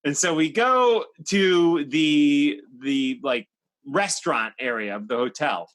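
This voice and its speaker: A man's voice: a little high, animated, slow, a bit bright. A man in his fifties hosting a live stream, telling a long anecdote in a chatty way with many fillers and restarts. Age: 50s. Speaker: talk show host. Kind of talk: animated storytelling. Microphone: live stream microphone.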